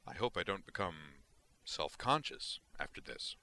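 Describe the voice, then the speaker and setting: A man reads a confident male starship captain in an audiobook, with a deep voice and crisp diction. He speaks directly and with animation. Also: sing-song, a little slow, sharp tone, slight background noise, heavily acted. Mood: lively.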